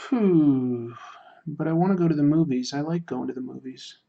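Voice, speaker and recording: A man's voice: a little high, normal speed, gravelly, warm tone, lo-fi sound. Rambling man chatting on a livestream. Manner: rambling, self-deprecating, many fillers. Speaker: livestreaming artist. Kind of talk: casual chat while drawing, answering viewer comments.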